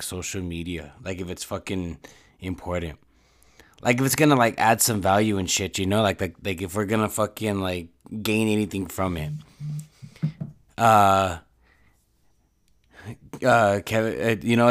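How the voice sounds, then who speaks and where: A man's voice: fairly low pitch, fairly bright tone. A man ranting casually on a podcast, swearing constantly and rambling with lots of filler words. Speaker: podcast host.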